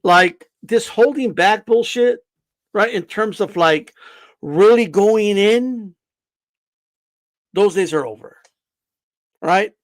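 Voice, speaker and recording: A man's voice: sits high, slow pace, pauses often, no echo. A man hosting a boxing live stream, ranting defiantly and profanely, often stammering and repeating himself. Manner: stammers and restarts.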